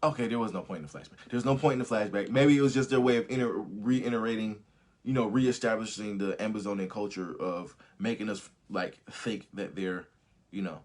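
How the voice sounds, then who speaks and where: Brief: male live-stream host, lower voice, loose, profane, laughs a lot. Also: a little fast. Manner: animated, profane, laughs often; reads viewer comments aloud. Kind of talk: casual live commentary with viewers.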